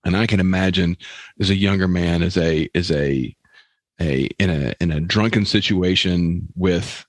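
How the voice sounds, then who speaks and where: A man co-hosting a comedy podcast, asking wry questions in a halting way with frequent restarts. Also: sits low, dry recording. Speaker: podcast co-host. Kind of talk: casual comedic chat.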